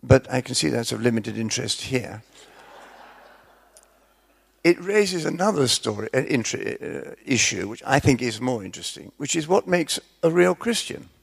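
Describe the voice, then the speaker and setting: Gravelly man telling jokes. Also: medium pitch, very animated, moderate pace. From Scotland. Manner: chatty, self-deprecating, tells jokes. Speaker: preacher. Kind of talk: sermon with humorous storytelling.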